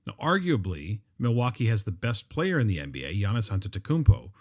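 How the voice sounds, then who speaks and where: A middle-aged man hosts a podcast on his own, speaking in a fairly low voice. He talks in a relaxed, conversational way, with plenty of ums and uhs between his thoughts. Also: fairly quick. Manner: conversational, with frequent fillers and restarts. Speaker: podcast host. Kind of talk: solo podcast monologue.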